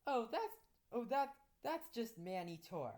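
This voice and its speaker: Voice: medium pitch, sing-song, a little slow, a little mellow, pitched above the performer's own voice. A woman voicing a friendly teenage boy explaining things with small stumbles. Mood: informing. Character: friendly teen boy, helpful guide.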